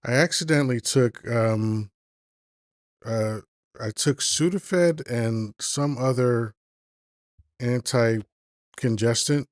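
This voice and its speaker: A man's voice: medium pitch, slow pace, long pauses, dry recording. Rambling easygoing man hosting live. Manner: rambling, easygoing, thinks aloud with many fillers. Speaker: host of a live call-in stream. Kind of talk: casual chat. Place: live online stream.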